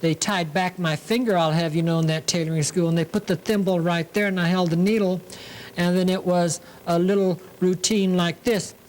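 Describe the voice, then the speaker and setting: A man's voice: sits high, steady tone, moderate pace, darkish tone, slight background noise, low-quality recording. A man hosting a sewing demonstration, talking in a theatrical, camp way, full of 'lovely' and 'darlings'. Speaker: sewing show host.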